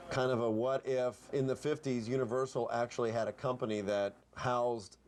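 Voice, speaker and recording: A man's voice: medium pitch, fairly even intonation, normal speed, darkish tone. A man, a special effects artist and director, speaking in an enthusiastic, explanatory documentary interview. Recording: music under the voice. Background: music.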